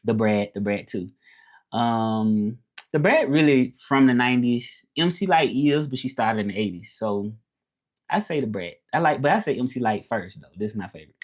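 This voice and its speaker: A man from Memphis, Tennessee, United States, speaks in a Southern US drawl with a mid-range voice at a moderate pace, answering viewers from home on a livestream. He's a language teacher hosting his own channel. Laid-back and chatty, he says things twice and sprinkles in Southern slang.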